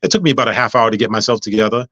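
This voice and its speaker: A man's voice: mid-range voice, rapid-fire, sharp tone, no room sound. A man who is a guest on a talk show, telling a personal story with humor and acting out the dialogue. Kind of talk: casual storytelling interview. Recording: dull lo-fi sound.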